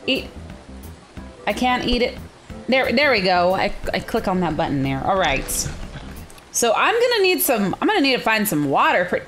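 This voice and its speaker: A woman's voice: on the high side, a bit bright. A woman hosting a let's-play game video, narrating her own moves and squealing at every surprise. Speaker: gaming channel host.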